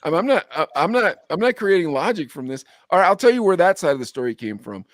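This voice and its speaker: A young adult man hosting a podcast, telling a story with animated quoted dialogue in casual chat. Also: sits high, quick pace, no room sound, clean studio sound. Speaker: podcast host.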